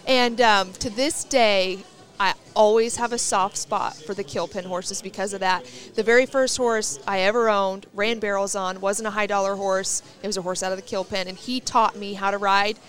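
A chatty woman with a twang hosts a casual podcast interview. She talks with easy enthusiasm and drifts into long personal stories. Her voice sits at an ordinary middle pitch for a woman. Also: steady tone, normal speed, hardly any pauses. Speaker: podcast host. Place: rodeo arena event.

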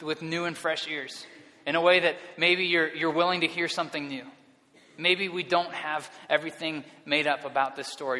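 A man's voice: fairly high pitch, pushed and bright. A man preaching a sermon as pastor, earnest and often repeating words as he restarts his sentences. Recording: long reverb of a hall.

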